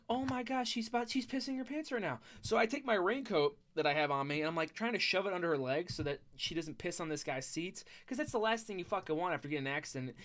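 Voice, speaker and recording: A foul-mouthed storyteller rambling through a story. The talk is full of restarts and false starts. Every so often it jumps into a loud, high outburst. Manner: rambling, swearing, many restarts and sudden loud bursts.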